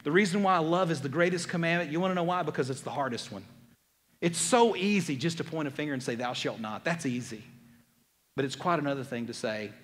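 Male pastor, emphatic sermon delivery with sudden quiet drops; long reverb of a hall. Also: expressive, fast. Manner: preachy, swings from loud emphatic to quiet and low.

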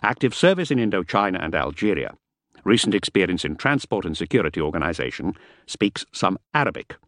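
A man voicing a brisk military major who reads out records in a crisp, clipped manner. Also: low-pitched, very animated, fairly bright tone, no room sound, studio quality, exaggerated voice.

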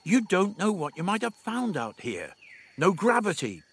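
A man's voice: high voice, huge pitch swings, measured pace, slightly rough, voice pushed up, exaggerated voice. Man reading an exasperated young man. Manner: snappy, impatient. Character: annoyed, exasperated young male traveller. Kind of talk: audiobook dialogue.

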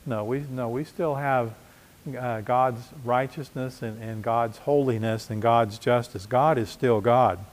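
A man's voice: mid-range voice, steady tone, unhurried. Preaching man in a reverberant hall. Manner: conversational preaching with repeated restarts. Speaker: pastor. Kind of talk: sermon. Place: church.

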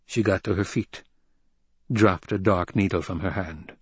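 A man narrating an audiobook in a steady, even storytelling manner. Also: deep voice, unhurried, breathy edge, no room sound. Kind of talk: scripted narration.

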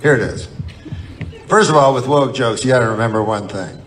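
A man doing a stand-up comedy set, rambling and mock-earnest in a deadpan way, with sudden outbursts. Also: medium pitch, a little fast. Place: live comedy venue with laughing audience. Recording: live stage recording with crowd laughter and noise. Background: audience laughter.

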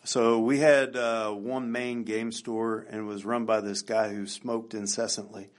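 A man's voice: fairly low pitch, level tone, unhurried. A man from Tennessee, a podcast guest, telling memories in a chatty way with many fillers. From Nashville, Tennessee. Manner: chatty, laughing between fillers. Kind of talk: casual chat.

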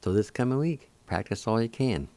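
A man with a Cherokee accent hosting a radio language lesson, slowly spelling words out letter by letter and pronouncing each syllable. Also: medium pitch, animated, a little mellow, no echo. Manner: slow, deliberate, spelling letter by letter. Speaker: radio language program host. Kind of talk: slow spelled-out pronunciation lesson.

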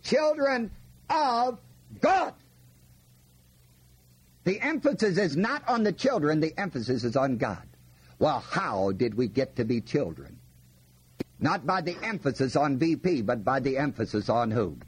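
A man's voice: mid-range voice, sing-song, moderate pace, husky. A man preaching a folksy Bible-teaching sermon, often asking his listeners questions and leaning hard on key words. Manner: folksy, asks the audience questions, stresses words.

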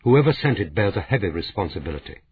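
A man voicing a sharp, sardonic middle-aged woman who needles the others, as a narrator reading a novel aloud. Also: low voice, very animated, fast, slightly rough, full character voice. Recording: tinny phone-like sound.

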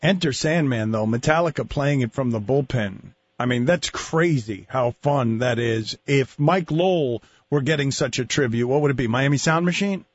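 A man's voice: mid-range voice, dry recording, highs cut off. A man hosting a talk radio show, teasing his guest and laughing easily. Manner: playful, teasing, quick to laugh. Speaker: host.

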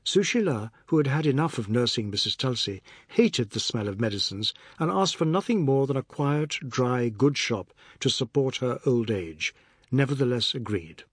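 A man reading a novel aloud as an audiobook narrator, in a measured literary manner. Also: mid-range voice, sing-song, husky, dry recording, studio quality. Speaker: audiobook reader. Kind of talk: scripted narration.

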